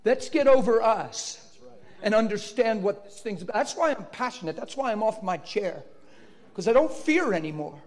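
A man preaching a sermon, telling a personal story with fervent, sudden loud outbursts. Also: high voice, animated, moderate pace. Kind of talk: sermon testimony. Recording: long reverb of a large hall.

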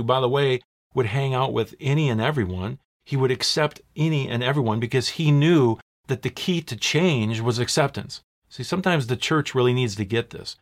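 A male pastor delivers a sermon with an emphatic, earnest drive. He keeps posing rhetorical questions to his listeners and draws out key words slowly for weight. His voice sits at an ordinary middle pitch for a man.

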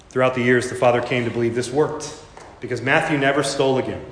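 A man's voice: medium pitch, fast talker, a bit bright. A man preaching a sermon, telling a story with dramatic rises and voicing the characters in it. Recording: echoey hall, reverberant room.

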